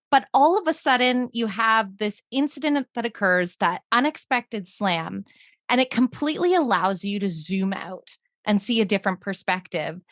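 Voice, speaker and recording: A woman hosting a podcast, speaking at a middle pitch in long, flowing, affirming questions. Her tone stays reflective and thoughtful. The sound is dry and close. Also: fairly bright tone, no room sound. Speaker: podcast host.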